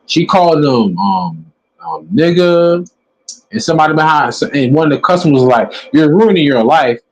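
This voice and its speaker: Preachy male religious commentator, husky voice, drawn-out emphatic words, wide pitch swings. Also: lively intonation, rough recording. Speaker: religious teacher.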